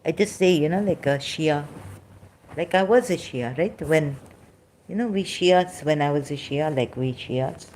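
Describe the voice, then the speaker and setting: A woman's voice: sits low, measured pace, darkish tone, slight background noise. A woman arguing religion in a dramatic, self-interrupting way with frequent apologetic asides. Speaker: ex-Muslim debater. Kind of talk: heated religious debate.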